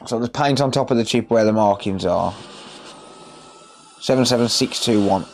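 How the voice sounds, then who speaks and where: A chatty English man at a mid pitch for his sex, talking through repair work in a loose livestream chat. He rambles between tasks and answers viewers by name, with an easy, everyday delivery. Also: normal speed, a little hiss or hum. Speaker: electronics repair technician. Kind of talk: casual livestream chat while working.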